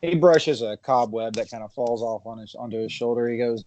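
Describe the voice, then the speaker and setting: A man narrating a tabletop horror game as game master, halting and chuckling between his lines. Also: mid-range voice, lo-fi sound, crowd noise.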